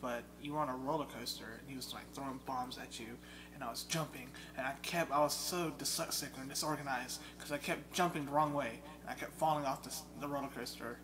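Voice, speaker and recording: A young man in a casual chat about video games, an excitable storyteller who mimics game sounds. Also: mid-range voice, brisk. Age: young adult. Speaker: guest. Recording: loud steady hum behind.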